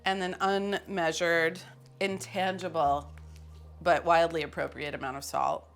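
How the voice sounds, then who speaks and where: A woman's voice: fairly low pitch, flat delivery, a little slow, fairly bright tone, soft background music. A woman hosting a cooking show, talking casually and poking fun at herself while she cooks in a kitchen. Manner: chatty and self-mocking, with frequent laughs.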